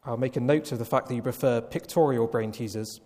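A man preaching a Sunday evening sermon, slow and emphatic, with long pauses. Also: medium pitch, warm tone. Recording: long reverb of a church hall.

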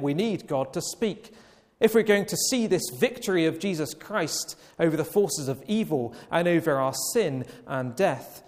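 A man preaching a Sunday evening sermon, slow and emphatic, with long pauses. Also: fairly high pitch, darkish tone. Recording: long reverb of a church hall.

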